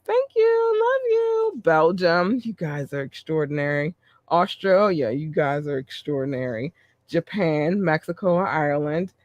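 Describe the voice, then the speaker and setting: A man hosting a podcast, reading listener shout-outs in a chatty way with running asides. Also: fairly high pitch, no echo, lo-fi sound. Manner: warm, chatty, reads a list with asides. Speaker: podcast host.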